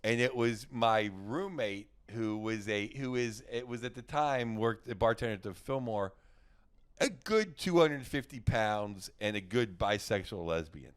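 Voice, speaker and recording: A middle-aged guest comedian tells rambling, casual stories in a lowish, expressive voice, speaking a little slowly with a clean tone. He keeps restarting and acts out what people said.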